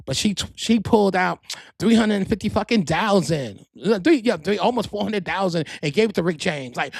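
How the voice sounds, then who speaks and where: Gravelly, animated male podcast host. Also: sits high, normal speed, no echo, clean studio sound. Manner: profane, rambling, animated gossip. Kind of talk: casual storytelling monologue.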